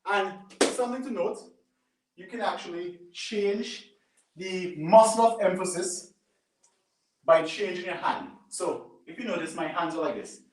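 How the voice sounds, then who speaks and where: A man's voice: unhurried, recorded from a distance. Man coaching a band workout in an echoey room. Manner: coaching, repeats "right?" and "boom". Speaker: fitness instructor. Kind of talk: live workout demonstration. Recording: echoey room, away from mic.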